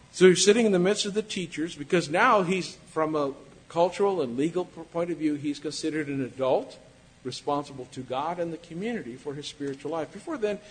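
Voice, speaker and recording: A man preaching a sermon in a conversational way, acting out quoted lines as he goes. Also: poor audio. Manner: conversational, acts out quoted lines with shifting pitch and loudness.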